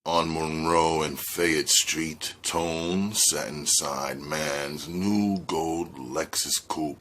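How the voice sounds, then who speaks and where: A man reading an audiobook aloud in a slow, measured narration. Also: extremely low pitch, gravelly, fairly bright tone, a little hiss or hum. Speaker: audiobook reader.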